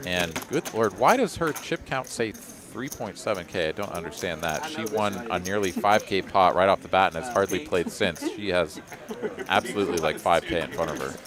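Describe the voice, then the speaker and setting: A low-pitched man calls the action of a live poker game in a relaxed, joking way. A busy card room murmurs behind him. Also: normal speed, crowd noise. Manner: relaxed, joking, promotional asides. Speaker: poker commentator. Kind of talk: live poker play-by-play commentary.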